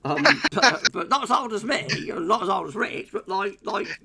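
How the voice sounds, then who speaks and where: A man's voice: high-pitched, lively intonation, moderate pace, sharp tone. A man hosting a charity livestream in a casual, rambling way, with many fillers and tag questions. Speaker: livestream host.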